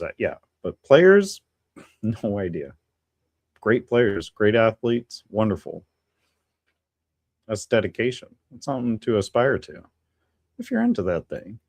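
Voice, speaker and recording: A man's voice: fairly low pitch, a little mellow, no echo. A man hosting a casual livestream, rambling easily with lots of fillers and little chuckles. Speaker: livestream host. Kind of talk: casual solo livestream chat.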